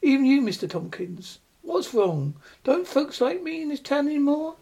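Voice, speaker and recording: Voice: high-pitched, very animated, normal speed, vocal fry, a little mellow, pitched above the performer's own voice, full character voice. A reader doing a puzzled, indignant townsman. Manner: protesting, bewildered questions.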